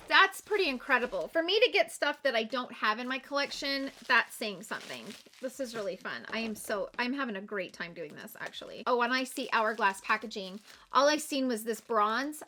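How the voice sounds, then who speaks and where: Bright and forceful, with a pitch on the high side, this young woman is a beauty vlogger unboxing makeup. She gushes throughout the excited chat, full of gasps and exclamations.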